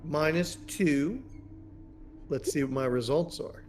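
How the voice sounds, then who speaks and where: A young man playing a tabletop game, playful and excitable. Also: fairly high pitch, slow, over music. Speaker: player.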